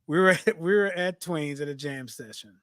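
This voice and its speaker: A man, co-hosting a podcast and telling lively stories that he acts out in casual chat. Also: a little high, moderate pace, no echo, studio quality. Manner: animated storyteller, acts out quotes. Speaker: podcast co-host.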